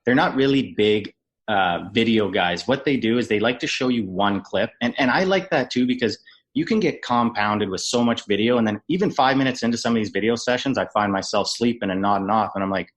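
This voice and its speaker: A man's voice: lowish voice, brisk. A man in his thirties from Canada, a former hockey player telling stories on a podcast and swearing freely. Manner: animated storyteller, mimics yelling coaches, swears freely. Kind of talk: casual storytelling on a podcast.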